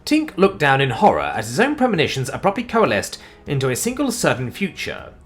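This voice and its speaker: A man narrating a sci-fi war story in an animated, expressive way, with sudden swings in pitch and loudness. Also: a little fast, soft background music.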